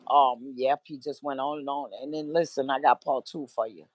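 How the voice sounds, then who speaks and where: A woman's voice: extremely low pitch, steady tone, normal speed, dry recording, poor audio. A woman guest on a livestream, telling stories in a gossipy way with frequent laughter. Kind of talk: casual chat.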